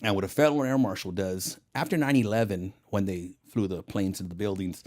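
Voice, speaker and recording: A middle-aged retired federal agent with a low-pitched voice talks fairly quickly as a guest in a casual interview. He tells his stories animatedly, acting out the quoted dialogue.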